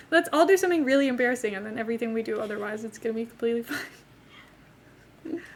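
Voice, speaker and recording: A young woman with a notably high voice rambles through a casual live stream, talking to her viewers and to the characters in her game. A faint hiss sits under her voice. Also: a little fast. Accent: not from England. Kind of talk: casual live-stream chat while playing a life-sim game.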